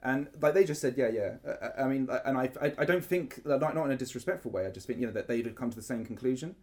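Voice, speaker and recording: A man's voice: medium pitch, a little mellow. A man chatting casually on a podcast, retelling a live-action roleplay battle with enthusiasm and rambling restarts. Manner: enthusiastic, rambling, quick to laugh. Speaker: podcast co-host recounting a larp event. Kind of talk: casual chat.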